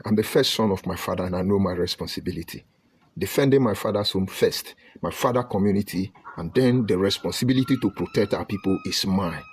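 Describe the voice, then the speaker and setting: A Nigerian man from Delta State giving an impassioned online broadcast, preaching emphatically and swinging between loud outbursts and low murmurs. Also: wildly swooping pitch, fairly quick, breathy edge. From Nigeria (Delta State, Ika). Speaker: online commentator.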